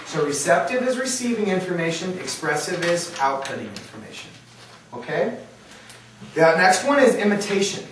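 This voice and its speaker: A man's voice: a little high, fairly bright tone, a little hiss or hum. A man teaching a training workshop, quizzing the audience and checking that they follow along. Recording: very echoey room, far from mic.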